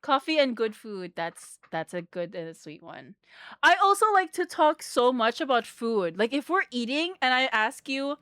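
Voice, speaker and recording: A woman's voice: a little high, very animated, moderate pace, bright, forceful tone, no room sound, clean studio sound. Bubbly, giggly woman streamer. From Philippines. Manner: bubbly, giggly, rambling with fillers. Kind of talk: casual live-stream chat.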